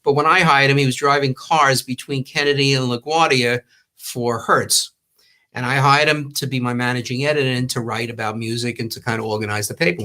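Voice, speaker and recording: Older man telling rambling stories. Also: mid-range voice. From Long Island, New York. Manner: rambling, warm storytelling with acted-out quotes. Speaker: guest storyteller, former magazine owner. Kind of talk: casual anecdote telling.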